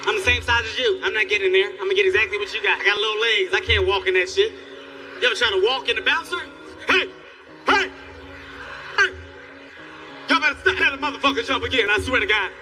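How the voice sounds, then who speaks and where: Man, forties, stand-up comedian, high voice, loud animated storytelling, distant mic, music underneath. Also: very fast. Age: 40s.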